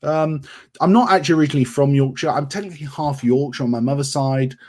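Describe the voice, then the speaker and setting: A man from England hosts a casual livestream and answers viewer questions one after another. He talks in a friendly, rambling way and fills his pauses with plenty of ums. His voice sits at an average pitch for a man. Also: darkish tone. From England, grew up around Milton Keynes. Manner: friendly, chatty, many ums, reads comments aloud. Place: home in North Yorkshire.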